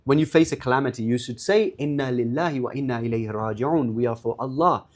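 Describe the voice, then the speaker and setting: A man with a medium-pitched, somewhat dark voice talks quickly, giving an informal religious lecture. He speaks conversationally and straight to his listeners, often repeating and restarting words.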